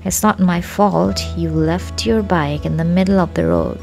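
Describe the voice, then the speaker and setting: A woman's voice: on the low side, moderate pace, gravelly, faint music behind. A woman putting on a rude, angry balding man. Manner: snapping, scornful shouts.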